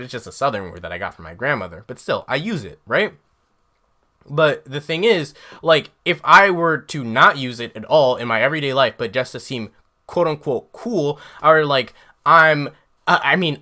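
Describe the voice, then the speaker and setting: A man's voice: medium pitch, sharp tone. A man co-hosting a casual podcast chat, emphatic and profane as he makes his point. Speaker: podcast co-host.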